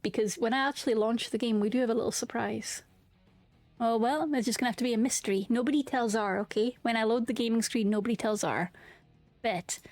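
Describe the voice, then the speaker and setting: A woman's voice: on the high side, a little mellow, dry recording. A young woman streaming casually, chatting to her viewers and humming filler tunes between remarks. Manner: bubbly, hums and sings filler tunes. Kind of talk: casual live-stream chat.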